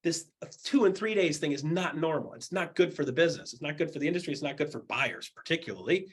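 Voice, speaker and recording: A man with a slightly high, husky voice coaches a room of real estate agents. His pitch swings widely as he jokes, repeats his points and slips into the voices of the people he quotes. He is blunt and plain-spoken throughout. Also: fast talker. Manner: animated, acts out quoted voices; blunt, jokey, repeats himself.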